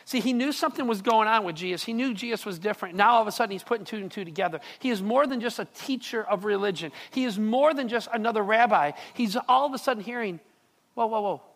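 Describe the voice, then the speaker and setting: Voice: medium pitch, fast, few pauses. Pastor preaching in a reverberant hall. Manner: conversational, repeats words, checks in with the audience. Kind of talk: sermon. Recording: long reverb of a large hall.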